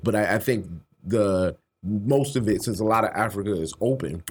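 A man's voice: on the low side, normal speed, a little hiss or hum. A man co-hosting a podcast in casual chat, loose and joking, laughing often and swearing freely. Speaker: podcast co-host.

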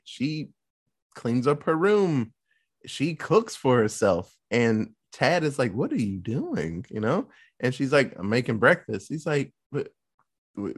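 Male co-host, casual recap, expressive and animated. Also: medium pitch, breathy edge. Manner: animated storytelling, swearing, mock quoting characters. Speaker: podcast co-host recapping a film. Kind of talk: casual chat.

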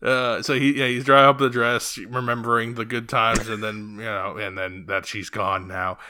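A young man co-hosting a podcast, casually recapping a movie in an animated, laughing storytelling way. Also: lowish voice, normal speed. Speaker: podcast co-host.

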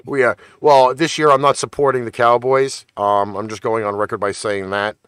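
A man co-hosting and producing a sports podcast, chatting casually and launching into profane, animated rants. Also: mid-range voice, normal speed, smooth, no room sound.

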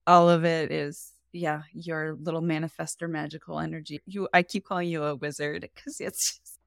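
A woman co-host with a lowish, gravelly voice, speaking in casual, effusive and openly emotional chat. She is recorded close on a dry mic. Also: level tone, normal speed, dry recording. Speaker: podcast co-host.

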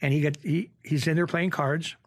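A middle-aged man from Springfield, Massachusetts, telling stories as a podcast guest in a rambling, animated way with frequent restarts. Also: on the high side, moderate pace, no room sound, studio quality. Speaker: podcast guest, former mob bookie. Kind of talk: casual storytelling interview.

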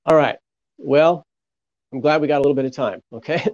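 Animated storytelling pastor, slightly muffled. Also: male voice, a little high, fairly quick, dry recording. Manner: animated storyteller acting out quoted voices. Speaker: pastor, guest. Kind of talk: storytelling testimony. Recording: muffled lo-fi sound.

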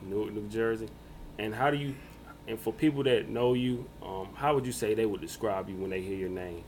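A man, hosting a podcast interview in a relaxed, reassuring way with loose fillers. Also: fairly low pitch, fairly quick, a little hiss or hum, poor audio. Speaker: podcast host. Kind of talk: casual interview.

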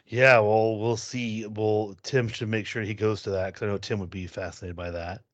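A man co-hosting a casual podcast chat, briskly moving the show along. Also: lowish voice, little pitch movement, a bit bright, dry recording. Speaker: podcast co-host. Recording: dry, dull lo-fi sound.

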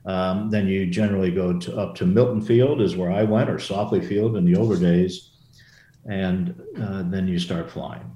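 An older man with a low, mellow voice recalls his flying days in a relaxed interview. He rambles, restarting sentences and wandering into asides. The room around him sounds echoey. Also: moderate pace. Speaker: former Marine aviator guest. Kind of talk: casual interview storytelling. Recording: roomy echo.

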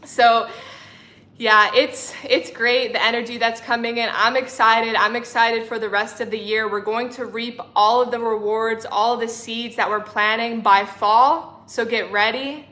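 A woman's voice: on the high side, steady tone, measured pace, sharp tone. A young woman spiritual coach in a casual livestream, effusive and affectionate, calling her viewers sister and honey. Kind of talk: livestream talk reading chat comments.

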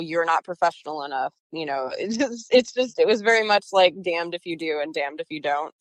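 A woman's voice: on the low side, no room sound, poor audio. A young woman in her twenties telling her story casually, chatty, laughing often and acting out quotes. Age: 20s.

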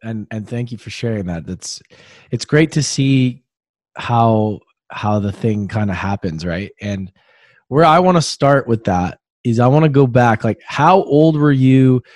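A man hosts a relaxed interview and pauses between his questions. His voice is mid-pitched. The sound is close and dry. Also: dry recording. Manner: hesitant, halting questions. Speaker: podcast host. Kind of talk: casual interview.

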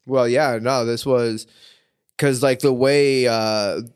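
A man's voice: mid-range voice, fairly even intonation, takes it slowly, clean tone. A man co-hosting a podcast, joking crudely and hesitating with fillers while recapping a cartoon. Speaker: podcast co-host. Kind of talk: casual chat recapping a cartoon episode.

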